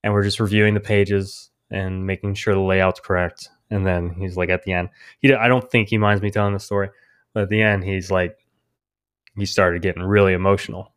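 A man, a guest on a podcast, telling a story in a rambling, animated way and quoting other people's words. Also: low-pitched, a little fast, clear, resonant tone. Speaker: indie comic creator, guest. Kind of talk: casual storytelling interview.

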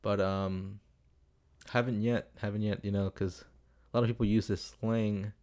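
A man's voice: fairly low pitch, flat delivery, normal speed, a little mellow. A young man hosting a casual advice podcast from home, rambling, swearing and drifting off topic as he reads listener questions. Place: home room with window, street noise outside. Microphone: desktop computer setup.

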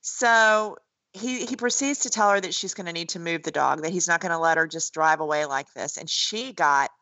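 A woman's voice: on the low side, moderate pace, pushed and bright, dry recording, low-quality recording. A woman co-hosting a podcast, chatting bluntly and retelling a TV show with lots of asides. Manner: blunt, chatty, retells scenes with quoted voices. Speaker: podcast co-host. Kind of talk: casual chat recapping a TV show.

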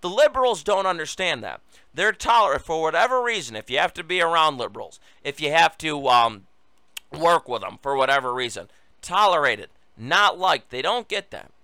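This is a man hosting his own political show, pitched high with a bright, smooth voice. He talks in a combative, mocking way full of sarcasm. The sound is dry and close, with no room in it. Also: lively intonation, normal speed, dry recording. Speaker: political talk show host. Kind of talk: opinionated political commentary.

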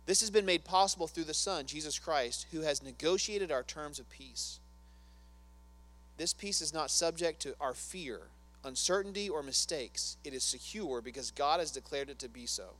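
A man's voice: on the high side, moderate pace, a bit bright. A man preaching a sermon in an earnest, conversational way, often asking his listeners questions. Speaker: pastor.

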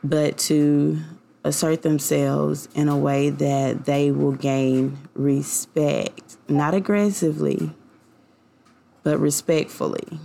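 A young woman hosts her own podcast in a loose, confessional monologue. Her voice sits low for a woman and carries a gravelly fry. She rambles warmly from thought to thought, full of likes and you knows. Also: steady tone, takes it slowly, slight background noise. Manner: rambling and heartfelt, many fillers. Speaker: podcast host. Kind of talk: casual personal podcast monologue.

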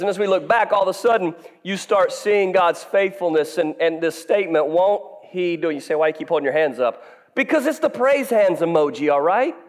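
A man in his thirties preaching a sermon as pastor, playful and joking with the congregation. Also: sits high. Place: church hall. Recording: long hall reverb.

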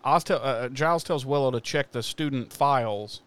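A man hosting a podcast recaps an episode in loose, casual chat, swearing freely and laughing as he goes. His voice is smooth and clear, at a middle pitch. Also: normal speed, fairly bright tone. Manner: profane, laughing storyteller. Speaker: podcast host.

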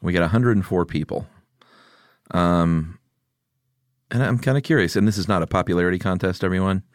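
A middle-aged man with a very low voice hosts a casual podcast chat. He is easygoing and laughs readily. The sound is close and dry. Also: a little fast, no echo. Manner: laid-back, laughs often, reads listener picks aloud. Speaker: podcast host.

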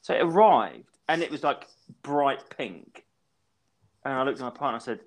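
Animated rambling man telling a story. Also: mid-range voice, moderate pace. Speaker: podcast co-host. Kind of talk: casual chat.

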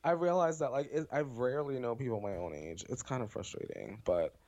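A woman co-hosting a podcast, teasing and encouraging in quick casual back-and-forth. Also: extremely low pitch, crowd noise. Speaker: podcast co-host. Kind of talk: casual chat. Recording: dull lo-fi sound.

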